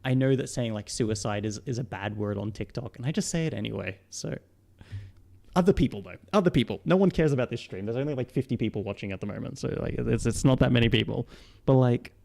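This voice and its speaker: A young man with a mixed Australian and British accent speaks at a middling pitch, and his voice has a gravelly, creaky edge. He answers viewer questions on a casual live stream, rambling with plenty of fillers and chuckling often. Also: fast talker, a little mellow. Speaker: psychologist streamer.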